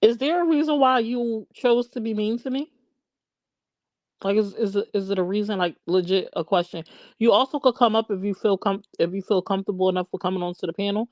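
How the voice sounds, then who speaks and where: A woman's voice: medium pitch, a little fast, darkish tone, no room sound, dull audio. A woman hosting a casual livestream, chatting and answering viewers by name. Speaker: livestream host. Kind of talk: casual live chat.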